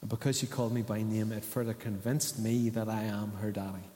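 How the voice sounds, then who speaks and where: A man's voice: lowish voice, little pitch movement, a little fast, warm tone. A man, preaching a sermon in a conversational way and asking the congregation questions. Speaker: pastor. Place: church hall. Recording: echoey church hall.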